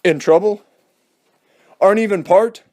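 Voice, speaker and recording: A man's voice: high voice, unhurried, warm tone. A young man giving casual, heated commentary in a sarcastic, ranting manner. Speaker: vlogger.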